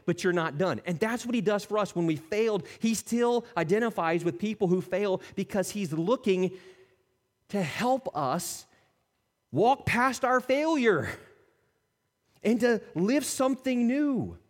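A man preaching a sermon as a pastor, animated, acting out the people he quotes and dropping to soft, intimate tones. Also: high-pitched, unhurried. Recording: long reverb of a church hall.

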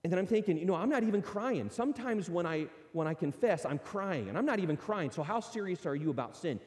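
Male pastor, sermon delivery, conversational and a touch high, recorded with long hall reverb. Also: lively intonation, quick pace, hardly any pauses, darkish tone. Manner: conversational, acts out imagined prayers and objections.

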